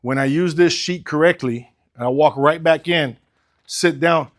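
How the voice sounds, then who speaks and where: A middle-aged man coaching a group on sales, acting out customer talks in a blunt, animated way and swearing casually. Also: a little high, a little slow. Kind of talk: sales training talk with role-play.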